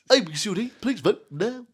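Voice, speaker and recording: A man doing an impression of a quiz-show host, with a raised voice and a slow, teasing, drawn-out delivery. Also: high voice, breathy edge, pitched above the performer's own voice, heavily acted.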